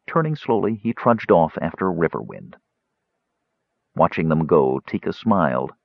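A man with a very deep voice narrates a fantasy novel. His delivery rises and falls expressively. The recording is dry and slightly muffled. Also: unhurried, creaky, no room sound. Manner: expressive, varied storytelling. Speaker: audiobook narrator. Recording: dull dry studio recording.

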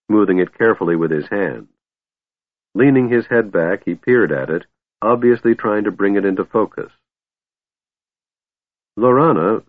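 Male audiobook narrator, lowish voice, measured fantasy reading, tinny dry audio. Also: dry recording. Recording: narrow phone-like audio, dry.

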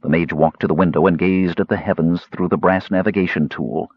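Deep husky male audiobook narrator. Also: lo-fi sound. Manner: expressive, measured storytelling. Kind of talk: scripted fantasy narration.

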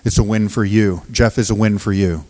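A man preaching as a pastor of a recovery ministry, telling stories from the pulpit in a halting, restarting way and often laughing as he talks. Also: on the low side, fairly even intonation, darkish tone, in a large hall. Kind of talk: sermon with storytelling. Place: church sanctuary.

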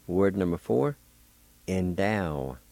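A man hosting a radio language lesson, spelling words letter by letter and repeating each word slowly. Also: low-pitched, lively intonation, gravelly, a little mellow, no room sound. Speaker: radio host teaching Cherokee words.

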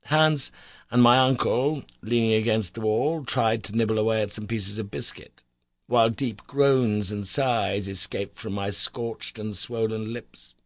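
A man narrating a classic adventure novel in a measured, expressive reading voice. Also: lowish voice, no room sound. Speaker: audiobook narrator. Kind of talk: scripted narration.

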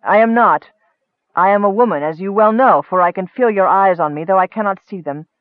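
A man voicing a proud, defiant young woman who is a swordswoman, speaking forcefully. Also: high-pitched, a little fast, no echo, pitched above the performer's own voice, natural voice. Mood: fierce. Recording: tinny phone-like dry sound.

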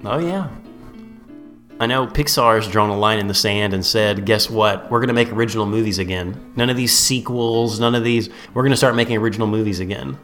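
A man's voice: lowish voice, a little fast, a bit bright, soft background music. A man co-hosting a podcast in casual chat, hesitant and searching for words with many fillers.

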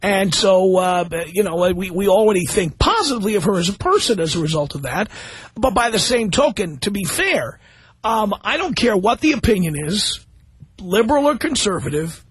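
A man's voice: sits high, fairly bright tone, slightly rough, no room sound. Blunt, ranting male radio talk host. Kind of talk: opinionated call-in radio talk.

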